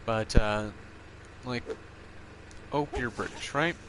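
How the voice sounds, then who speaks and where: A man's voice: mid-range voice, takes it slowly, fairly bright tone, a little hiss or hum. A man streaming, rambling casually and with strong opinions as he answers viewers' chat. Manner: rambling, opinionated, full of fillers.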